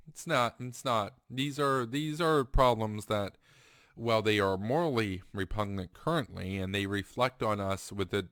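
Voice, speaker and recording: A man's voice: on the low side, a bit bright, no echo, clean studio sound. A man giving a heated, repetitive political commentary monologue. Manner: emphatic, ranting, repetitive.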